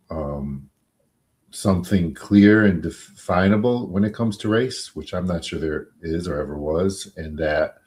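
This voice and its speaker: A man, a defense attorney being interviewed, answering in a measured, halting way with many pauses and fillers. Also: a bass voice, a little mellow.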